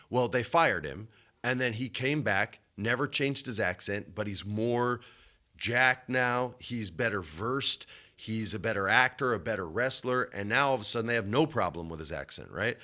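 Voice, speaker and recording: A young man co-hosting a podcast, telling a story in casual chat and swinging between loud bursts and low asides. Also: lively intonation, moderate pace. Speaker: podcast co-host.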